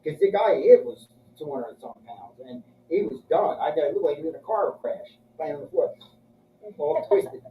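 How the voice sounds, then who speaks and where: A man's voice: on the high side, big pitch swings, a little fast, slight background noise. A man casually telling crude, profane stories and acting out the other people's lines. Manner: crude, profane, acts out voices in his stories. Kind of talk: casual storytelling chat. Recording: echoey, muffled room from a distance.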